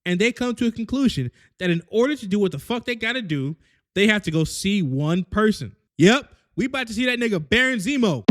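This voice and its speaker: A man telling a crude, comedic recap of a show, full of slang and quick character asides. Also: high-pitched. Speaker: recap host.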